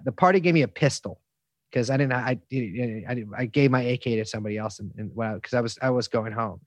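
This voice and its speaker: A man talks casually as an interview guest, circling back with restarts, fillers and plenty of swearing. His voice sits at a middle pitch and is recorded close and dry, with no room sound. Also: dry recording. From United States. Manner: rambling, many restarts and fillers, profane.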